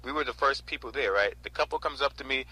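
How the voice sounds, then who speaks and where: A man in his twenties from North Carolina casually recounting a storage auction in an animated way, often adding "right?" and "you know?". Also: mid-range voice, fast talker, low-quality recording. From North Carolina, USA. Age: 20s. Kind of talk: casual storytelling vlog.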